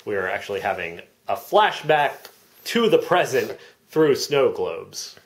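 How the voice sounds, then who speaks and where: A man's voice: medium pitch, very animated, a little slow. A man on a parody commentary track, speaking matter-of-factly with many ums. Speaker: comedic fake commentary speaker.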